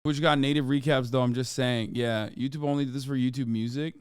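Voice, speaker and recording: A man's voice: mid-range voice, steady tone, brisk, clear, resonant tone, no echo. A man streaming live, reacting casually on a close mic in a profane, incredulous, off-the-cuff way.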